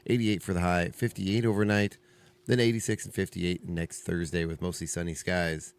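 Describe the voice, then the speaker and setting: A man's voice: sits low, steady tone, normal speed, smooth, dry recording. A man hosting a small-town radio morning show, a little stuffy from allergies, chatting casually with many stumbling restarts.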